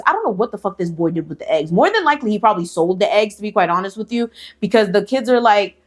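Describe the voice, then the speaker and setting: A woman's voice: medium pitch, lively intonation, quick pace. Sassy, profane woman telling a story. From Haitian heritage. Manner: profane, sassy, chatty with filler "like". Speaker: storyteller host. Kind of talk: casual storytelling.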